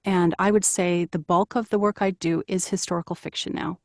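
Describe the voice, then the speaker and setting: A woman's voice: lowish voice, fairly even intonation, a little fast, dry recording, clean studio sound. A middle-aged woman, an audiobook narrator, talking earnestly and reflectively as a guest in an interview, with fillers and restarts. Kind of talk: conversational interview.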